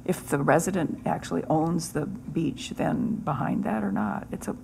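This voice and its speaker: A woman's voice: deep voice, moderate pace, creaky, background noise. A woman on a city committee, hesitant and thinking aloud, often repeating words as she talks. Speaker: committee member. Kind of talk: committee meeting discussion.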